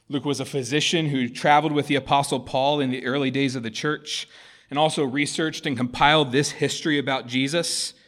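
Male pastor, mid-pitched, expressive sermon reader. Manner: expressive, storytelling delivery.

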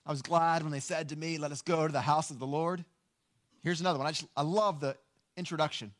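A man preaching a sermon, earnest and emphatic, slowing down to stress key lines. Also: on the high side. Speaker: pastor.

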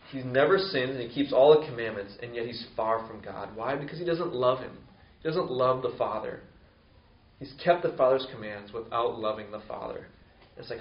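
A man preaching a conversational sermon who acts out quoted voices with rising pitch. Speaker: pastor. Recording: roomy, distant, dull lo-fi sound.

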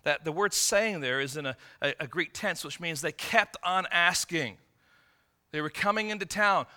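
Guy pastor giving a sermon, bright ringing voice, asks the room questions, restarts a lot. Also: a little high, moderate pace. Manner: teaching with rhetorical questions, frequent restarts.

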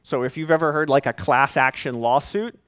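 A man preaching a sermon as pastor, conversational and animated, with folksy asides. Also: medium pitch, normal speed, clean tone, dry recording, clean studio sound.

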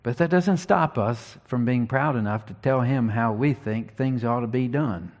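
A man preaching an expository sermon, teaching earnestly and reading scripture slowly with emphasis. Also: mid-range voice, darkish tone.

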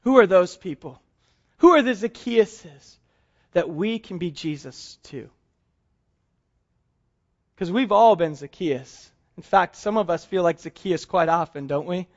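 A man preaching a sermon, his voice sitting very high and his delivery slow and deliberate. He tells a story and acts out its quotes in hushed tones. The recording sounds dull and lo-fi. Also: animated. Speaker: pastor.

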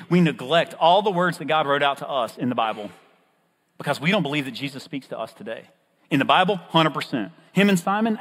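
A man preaching a sermon with playful storytelling and a husky voice. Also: mid-range voice, a bit bright. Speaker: pastor. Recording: long reverb of a large hall.

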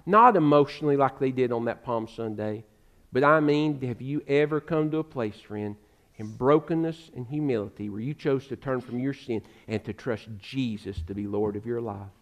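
A man preaching a sermon with passion, calling his listeners "friend" and swinging from loud exhortation to hushed pleading. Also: medium pitch, moderate pace. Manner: addresses listeners directly as "friend". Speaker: pastor.

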